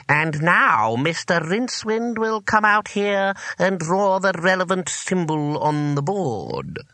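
A man narrating an audiobook in a lively storytelling manner. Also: medium pitch, no echo. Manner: animated, varied storytelling.

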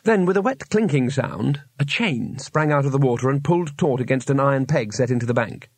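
A man reading an audiobook aloud in a measured storytelling manner with wry timing. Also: mid-range voice, expressive, no echo. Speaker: audiobook narrator. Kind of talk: scripted narration.

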